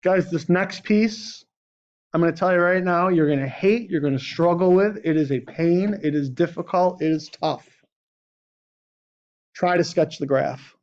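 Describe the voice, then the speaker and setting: A man's voice: on the high side, measured pace. A male math teacher lecturing a class, constantly checking in with questions like "right?". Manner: questioning, prompts students with "right?". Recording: dull lo-fi classroom recording.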